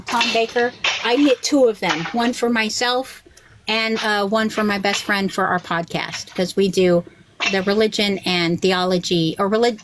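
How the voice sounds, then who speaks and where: A woman chatting casually on a podcast, an animated storyteller who acts out the voices she quotes and swears freely. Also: mid-range voice, noisy background. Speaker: rabbi and podcast guest.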